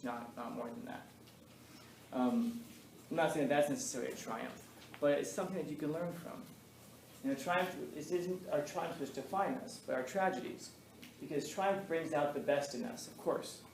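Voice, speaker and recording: A man's voice: medium pitch, darkish tone, a little hiss or hum. A man teaching a class, telling rambling, self-deprecating stories and laughing often. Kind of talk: classroom talk to students. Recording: echoey room, mic far off.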